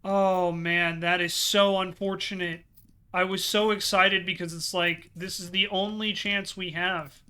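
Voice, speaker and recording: Hosting a let's play video, this man comments as he plays, sighing and lamenting each setback with repeated dismay. His voice sits high with little pitch movement, a sharp, clean tone, and a measured pace.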